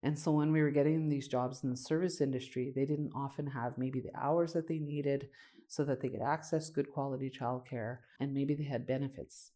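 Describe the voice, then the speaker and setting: A woman's voice: extremely low pitch, steady tone, moderate pace, dark tone. A woman leading a community organization, explaining its programs and telling stories in an earnest, conversational way. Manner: earnest and conversational, often adds "right?". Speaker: executive director of a community organization.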